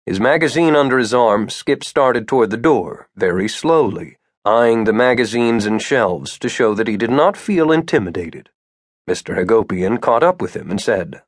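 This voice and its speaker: A man reading an audiobook as narrator, with expressive storytelling. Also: medium pitch, moderate pace, dry recording, studio quality. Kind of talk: scripted narration.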